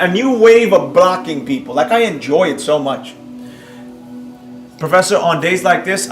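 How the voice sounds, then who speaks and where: A man streaming live as a trading educator, reading viewer comments and talking straight to the audience in a brash, boastful way that jumps loud when he gets excited. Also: fairly high pitch. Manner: animated, bursts up loudly when excited. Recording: roomy sound with faint music behind.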